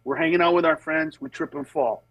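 A man who works as a comedian, telling candid stories in conversation and moving between animated voices and earnest, steady points. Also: fairly high pitch, fairly quick, creaky, dry recording, highs cut off. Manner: animated, jumps into voices of other people mid-story. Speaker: comedian guest.

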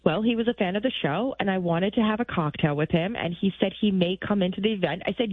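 A woman's voice: mid-range voice, quick pace, few pauses, dry recording. A woman producer in casual chat, playful and laughing often. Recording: tinny phone-like line.

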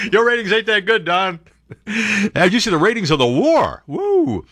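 Guy reading news and riffing on it, sarcastic, voice all over the place, dry close sound. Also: no room sound. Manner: animated, sarcastic asides, jumps to high exclamations. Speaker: show host reading and commenting on news. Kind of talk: casual political commentary.

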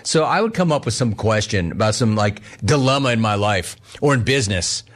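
Animated man hosting a radio show. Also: fairly low pitch, brisk. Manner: animated storytelling, acts out quoted dialogue. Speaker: sports radio host. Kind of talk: casual listener Q&A chat.

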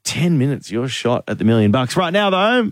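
A man co-hosting a radio show, teasing and animated in banter. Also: medium pitch, moderate pace. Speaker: radio co-host.

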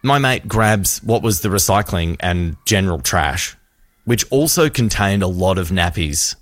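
A man, co-hosting a radio show and telling a story with lively acted-out voices. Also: low-pitched, measured pace, no room sound, studio quality. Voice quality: animated storyteller, acts out voices. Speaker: radio co-host. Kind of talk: casual radio banter, storytelling.

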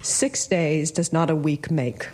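An actress playing an impulsive young newlywed wife who is indignant, pleading and quick to tears. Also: female voice, low-pitched, steady tone, darkish tone. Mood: cold, stubborn. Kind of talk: stage-play acting.

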